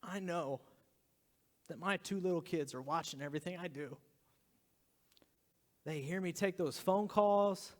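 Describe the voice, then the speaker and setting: Earnest pastor guy in his 30s, bit high voiced, goes quiet and whispery to make a point, big echoey church. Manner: earnest, drops into hushed whispers for emphasis. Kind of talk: sermon. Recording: long hall reverb.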